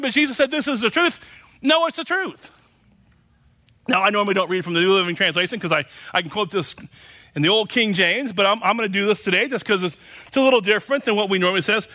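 A man's voice: high voice, fast, sharp tone. A man preaching a sermon as pastor, emphatic and repetitive, often tossing in "you know".

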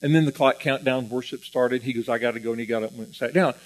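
A man preaching a sermon, a former Marine who talks earnestly, repeats and restarts his words, and grows animated as he tells stories. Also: medium pitch, fast talker, low-quality recording.

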